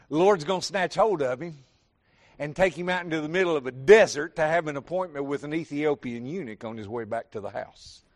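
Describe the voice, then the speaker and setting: A man preaching in a Southern accent, his voice sitting high for a man. He teaches in a folksy, homespun way, throwing questions at the congregation and calling them "y'all." He sounds middle-aged. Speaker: pastor. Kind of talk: sermon.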